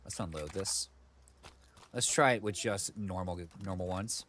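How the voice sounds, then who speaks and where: A man with a lowish voice streams a video game from his computer, rambling casually with lots of fillers and side comments. He talks into a desk mic, with faint keyboard clicks in the background. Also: a little slow, a bit bright, slight background noise. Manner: rambling, chatty, full of fillers and asides. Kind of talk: casual let's-play commentary.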